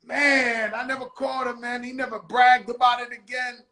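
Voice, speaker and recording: High, bright-voiced talk show host man. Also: normal speed, poor audio. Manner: animated storyteller, swears freely, streetwise slang. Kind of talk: casual chat.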